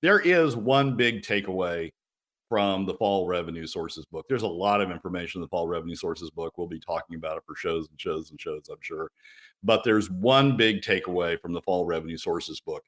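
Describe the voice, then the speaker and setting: A fairly low-pitched man holding forth as a regular commentator on a talk show. He argues emphatically with a note of exasperation and keeps stumbling into restarts as he pushes his point. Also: normal speed, a bit bright.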